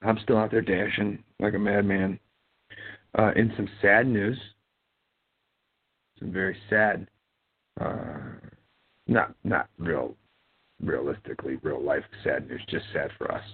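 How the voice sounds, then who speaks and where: A slightly rough, low male voice moves at a measured pace with long pauses. The speaker, a podcast host from Ohio, rambles and mumbles through his casual talk show with frequent fillers and restarts, and the audio sounds tinny and phone-like.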